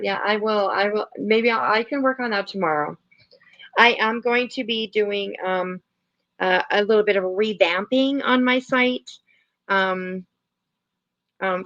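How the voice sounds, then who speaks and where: Chatty middle-aged woman streamer, gravelly. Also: mid-range voice, fairly bright tone, highs cut off. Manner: chatty, rambling, laughs often, many fillers. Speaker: livestream host. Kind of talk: casual livestream chat with viewers.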